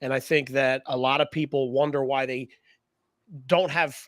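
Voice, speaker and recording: A man's voice: mid-range voice, moderate pace, no room sound, clean studio sound. A man co-hosting a real estate podcast who chats casually and animatedly, acting out quotes. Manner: animated, acts out quotes in different voices. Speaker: podcast co-host.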